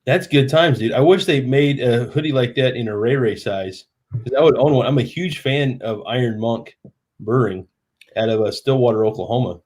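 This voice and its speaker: A man's voice: mid-range voice, normal speed, a little mellow. A man in his thirties, tipsy, hosting a live stream in chatty, rambling casual talk. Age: 30s.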